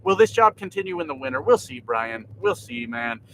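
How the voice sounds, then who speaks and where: A man talking loosely to his viewers from his truck cab, swearing freely and laughing often. His voice sits a little high and sounds bright and forward. Faint engine and road noise hums behind him. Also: big pitch swings, fairly quick, creaky, rough recording. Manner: laid-back, swears often, laughs a lot. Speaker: trucker vlogger. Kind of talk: casual livestream chat.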